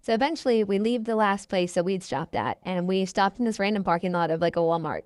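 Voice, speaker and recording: With a mid-range, smooth voice at a quick pace, this woman is recorded in studio quality with no room sound. She's a podcast guest in her twenties whose casual, chatty storytelling includes acting out the people she quotes.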